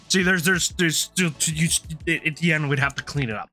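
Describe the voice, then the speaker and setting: A man's voice: on the high side, moderate pace, bright, forceful tone. A man streaming live, telling a long rambling story in casual chat, laughing often and restarting his sentences.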